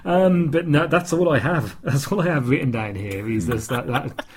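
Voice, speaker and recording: A man with an English accent in a casual podcast chat, talking in animated bursts and laughing often as he rants. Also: a little high, moderate pace, husky. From England. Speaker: podcast co-host.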